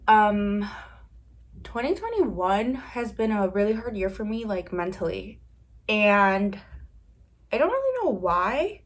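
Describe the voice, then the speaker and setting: A young woman vlogging in a rambling, candid way, with many "like"s, while she does her makeup at home. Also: a little high. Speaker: beauty vlogger. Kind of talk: casual chat while doing makeup.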